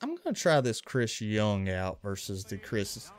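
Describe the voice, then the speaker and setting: His voice is lowish and his pace measured as this western Louisiana man, speaking with a Louisiana accent, livestreams a baseball video game. Relaxed and chatty, he comments on plays and greets his chat.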